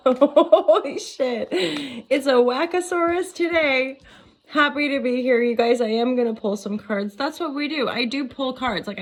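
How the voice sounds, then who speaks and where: A woman in her forties, a tarot reader, rambling playfully in a casual vlog, giggling and swearing freely. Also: a little high. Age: 40s.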